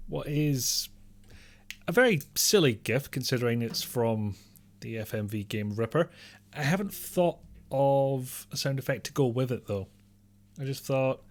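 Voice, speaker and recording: Rambling man chatting on stream. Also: medium pitch. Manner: rambling, talks to chat, mild swearing. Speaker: game streamer. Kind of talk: casual live-stream chat.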